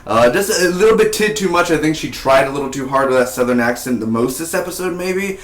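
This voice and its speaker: A man's voice: on the high side, expressive, quick pace, reverberant. A young man casually reviewing a TV episode, chatty and rambling with side comments. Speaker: TV show reviewer.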